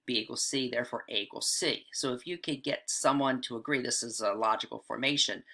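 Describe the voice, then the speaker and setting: A man's voice: mid-range voice, pushed and bright. A man teaching rhetorical devices in a casual lecture, chatty and often checking in with "right?" and "all right". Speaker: writing teacher.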